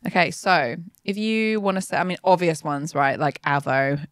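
A woman's voice: sits low, animated, no room sound, clean studio sound. A woman from Australia with an Australian accent, hosting a casual interview in a chatty, playful way. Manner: chatty, playful, quick to laugh. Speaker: podcast host.

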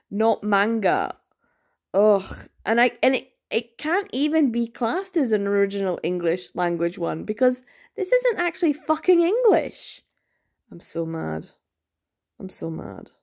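A woman's voice: mid-range voice, a little mellow. A woman vlogger in a casual review, ranting in exasperation, swearing bluntly and repeating words for emphasis. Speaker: book vlogger.

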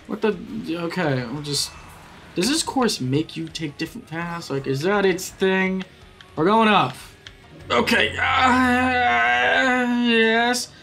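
A young man giving excitable, profane live commentary while racing in a kart game, often yelling at it. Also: a little high, a little slow, faint music behind. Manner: excitable, swears a lot, yells at the game. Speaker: gaming YouTuber.

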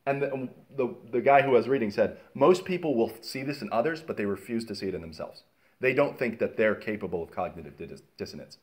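Male Bible teacher, mid pitch, lively storyteller, lots of ums and restarts. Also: fast talker. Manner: animated storytelling with many fillers and restarts. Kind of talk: casual Bible lesson.

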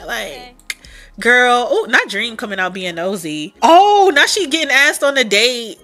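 A woman chats her way through a life-sim game, sassy and full of slang. Her voice is bright and sharp, and her pitch bounces around a lot as she reacts. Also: expressive, unhurried. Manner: sassy, slangy running chatter. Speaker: Sims let's player. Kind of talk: casual game commentary.

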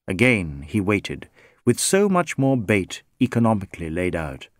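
A man reading a novel aloud as narrator, in measured, expressive storytelling. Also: deep voice, dry recording, clean studio sound. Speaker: audiobook narrator. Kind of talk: scripted narration.

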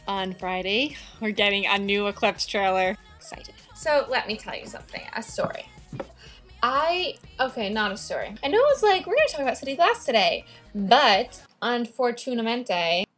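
A teenage girl talking about books in a bubbly, chatty vlog, often drifting off topic, recording at school. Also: mid-range voice. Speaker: book vlogger. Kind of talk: casual book talk vlog.

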